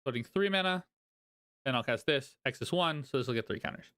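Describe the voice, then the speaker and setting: A man talks through his card game play as he goes, thinking aloud and counting cards out loud, with a laugh slipping in often. His voice is smooth and clear, sitting at an ordinary pitch for a man. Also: expressive, brisk. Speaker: card game content creator. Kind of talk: casual gameplay commentary.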